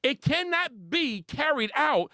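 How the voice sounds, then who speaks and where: A man with a high, lively voice delivers a heated solo sports rant, swinging widely in pitch as he laughs and hammers his points home. The sound is close and dry, with no room around it. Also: slow pace, no echo. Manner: animated, laughs often, repeats points for emphasis. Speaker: sports commentary host.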